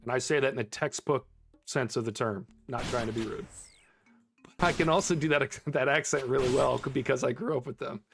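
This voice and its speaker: A man's voice: medium pitch, fairly quick, vocal fry, soft background music. A young man chatting casually with his viewers while he plays a game on stream, laughing often. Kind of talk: casual live-stream chat while gaming.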